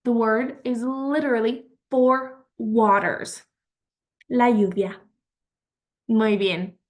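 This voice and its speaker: Slow, patient woman teaching vocabulary. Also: fairly high pitch, fairly even intonation. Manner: patient, encouraging, repeats words slowly. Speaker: Spanish teacher. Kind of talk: slow vocabulary lesson with pauses.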